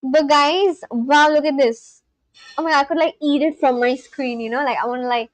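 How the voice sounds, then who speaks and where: A woman livestreaming in a casual chat, gushing excitedly and talking straight to her viewers. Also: high voice, moderate pace, dry recording.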